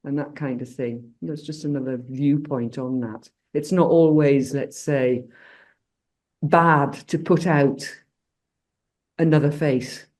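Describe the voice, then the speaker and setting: A woman's voice: a bass voice, fairly even intonation, measured pace, a little mellow. Woman, 60s, coach, rambling conversational storyteller on a call. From Britain. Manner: rambling storyteller with many restarts and fillers. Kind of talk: casual group discussion.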